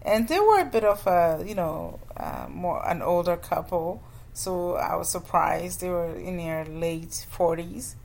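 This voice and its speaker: A woman who runs a childcare business, casually telling a story in an animated way and acting out the people she quotes. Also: measured pace, creaky. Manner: animated, acts out quoted people with jumps in pitch.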